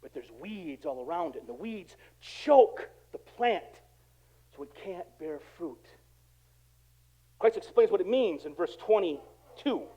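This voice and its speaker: A male pastor preaching a sermon in a casual, conversational way, swinging from quiet asides to loud emphatic bursts. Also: high-pitched, measured pace, husky, rough recording. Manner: animated, conversational preaching with dramatic swings in volume.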